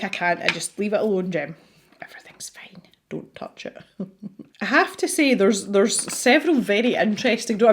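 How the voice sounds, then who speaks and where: A Scottish woman hosting a colouring channel, chatting casually and rambling with lots of fillers as she works. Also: medium pitch. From Scotland. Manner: chatty and rambling, frequent fillers and self-talk. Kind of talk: casual chat while colouring.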